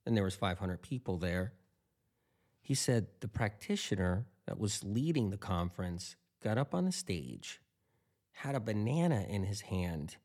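A man's voice: lowish voice, a little mellow. A man eating and talking casually, rambling through anecdotes with lots of quoted dialogue. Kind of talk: casual storytelling monologue.

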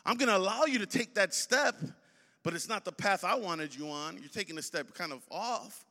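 Brief: man in his 40s, pastor preaching, higher voice, reverberant hall. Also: lively intonation, moderate pace, bright, forceful tone. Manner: preaching with rising emphasis and repetition. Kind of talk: sermon.

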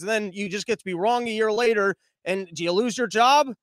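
A man giving casual, sarcastic political commentary, mocking and quick. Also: high voice, fairly bright tone, no room sound. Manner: sarcastic, mocking, fast-talking.

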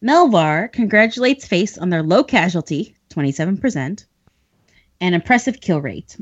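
A woman hosts a book podcast, running through plot points in a chatty, laughing way. Her middle-pitched voice moves up and down a lot. The recording is dull and lo-fi. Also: expressive, moderate pace, breathy edge. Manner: chatty, laughs often between lines. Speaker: podcast host summarizing chapters. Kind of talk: casual book recap.

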